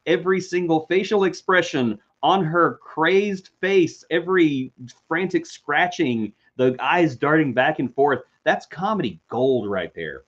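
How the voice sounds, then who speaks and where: A man's voice: a little high, animated, a little slow, hardly any pauses, dull audio. A man co-hosting a casual TV review chat, jokey and self-deprecating, gushing about episodes he liked. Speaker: co-host of a TV review show.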